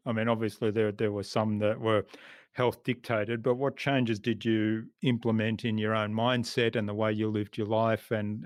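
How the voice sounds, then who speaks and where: Low-voiced man hosting an interview. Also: no room sound, clean studio sound. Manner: probing, follow-up questions. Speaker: podcast host. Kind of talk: interview questions.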